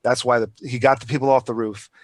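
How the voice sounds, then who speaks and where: A man's voice: medium pitch, fast, no room sound. A man chatting casually on a podcast, telling rambling, profane stories with lots of energy. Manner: rambling, profane, animated storytelling.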